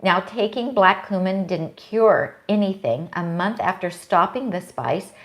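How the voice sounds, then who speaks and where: A woman's voice: mid-range voice, animated, unhurried. A middle-aged woman co-hosting a casual live chat, chatty and reading aloud from a book with small stumbles. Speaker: co-host.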